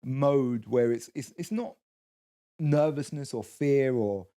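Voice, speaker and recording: A man's voice: mid-range voice, slow, warm tone, clear, resonant tone. A man co-hosting a podcast, telling a long story with lots of restarts, quoted voices and swearing. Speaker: co-host. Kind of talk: casual storytelling chat.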